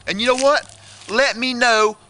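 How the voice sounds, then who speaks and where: High bright-voiced man talking to kids. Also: a little slow. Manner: playful, addresses kids directly, builds suspense. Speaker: children's book reviewer. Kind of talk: animated booktalk for children.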